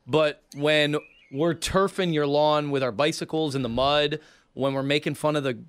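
A man's voice: a little high, fairly even intonation, normal speed, clean tone. A man co-hosting a podcast, chatting in a laid-back, chuckling way. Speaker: podcast co-host. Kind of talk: casual chat.

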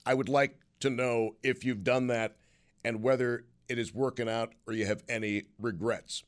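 A man hosting a call-in radio show, hoarse and hiccuping, chatty and wry about himself. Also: mid-range voice, steady tone, normal speed. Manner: chatty, self-mocking, wry. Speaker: radio talk show host.

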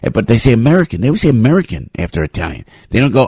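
A man's voice: very animated, racing, slightly rough, dry recording. An older man, hosting talk radio in a fired-up, rambling opinion monologue. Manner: fired-up, rambling, swings from low to loud. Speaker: radio talk show host.

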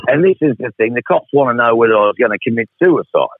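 Here the middle-aged Australian guest speaks quickly and expressively in a mid-range voice, casually rambling through a cheeky, profane, wry tale on air. It's heard over a dry, tinny phone line, echo-free.

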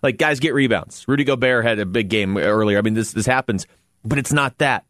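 In a dry studio recording, a male sports radio host talks in a medium, slightly bright voice. He keeps things loose, laughing frequently and dropping quick asides as he goes.

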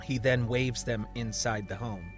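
A man narrating a fiction story and voicing its characters in an animated way. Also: measured pace, soft background music. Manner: animated, voices characters with raised pitch. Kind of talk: storytelling narration with voiced dialogue.

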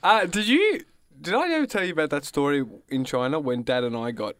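A man's voice: a little high, animated, a little fast, fairly bright tone, no room sound, studio quality. A man co-hosting a radio show, telling a rambling story in casual chat. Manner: rambling storyteller, acts out quoted voices. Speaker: co-host.

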